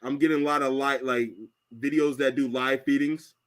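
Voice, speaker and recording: A man recovering from a cold, chatting profanely on a podcast, laughing and loudly mimicking others. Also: medium pitch, flat delivery, normal speed. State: recovering from a cold, voice partly lost. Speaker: podcast co-host. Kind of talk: casual chat.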